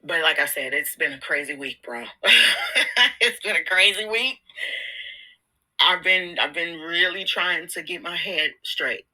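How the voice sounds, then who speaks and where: Woman, very bright voice, lowish pitch, casual motivational vlog, laughs a lot. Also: unhurried, long pauses, poor audio. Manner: candid, laughs often, repeats words; slangy, informal. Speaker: self-help vlogger.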